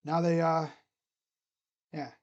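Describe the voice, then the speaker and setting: Man, high-ish voice, live-stream play-by-play, swings between excited calls and muttered chat. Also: slow, lo-fi sound. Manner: excitable calls that drop to mumbled asides. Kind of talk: casual live play-by-play commentary.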